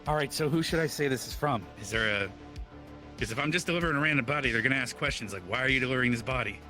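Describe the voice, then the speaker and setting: A man's voice: mid-range voice, racing, sharp tone, soft background music. A man playing a medic in a casual roleplay, talking hesitantly, asking many questions to clarify and often sighing. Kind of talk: casual in-character roleplay chat.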